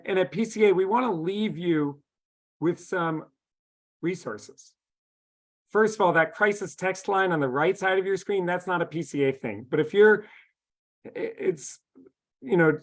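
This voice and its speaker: A man presenting a coaching workshop on a video call, giving instructions and reading out steps and numbers slowly. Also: on the high side. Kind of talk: webinar presentation.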